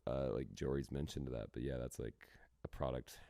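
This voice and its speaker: A man's voice: a bass voice, steady tone, moderate pace, gravelly, dark tone, dry recording, clean studio sound. A man co-hosting a podcast in casual chat, telling a long rambling story and swearing freely. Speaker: podcast co-host.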